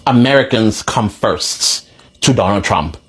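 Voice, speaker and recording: A man's voice: lowish voice, lively intonation, a little slow, a bit bright. A man talking straight to his viewers in a casual vlog, heated and pleading. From South Africa. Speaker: vlogger. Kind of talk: casual opinion monologue to camera.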